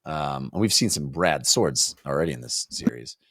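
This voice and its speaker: Male co-host, lively swinging pitch, casual book chat, retells scenes with quick voices. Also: dry recording, clean studio sound. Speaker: podcast co-host.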